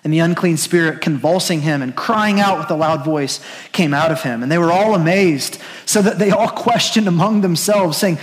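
A pastor preaching a sermon in an earnest, urging, conversational way. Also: male voice, a little high, moderate pace, long reverb tail.

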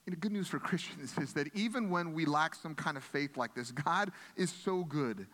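A man's voice: on the high side, moderate pace, a bit bright, big-room sound. A pastor preaching a sermon in an earnest, conversational way, often restarting his phrases.

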